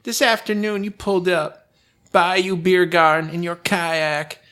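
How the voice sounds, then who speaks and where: A woman's voice: on the low side, steady tone, a little slow, fairly bright tone. A man putting on a female voice for a gushing, lovestruck woman praising a man she admires. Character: gushing woman writing a love note.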